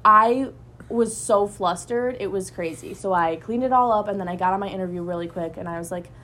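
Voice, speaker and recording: Animated young woman telling a story. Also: medium pitch, a little fast. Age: young adult. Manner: animated, breathless storytelling with many fillers. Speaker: student club member. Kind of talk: casual podcast storytelling.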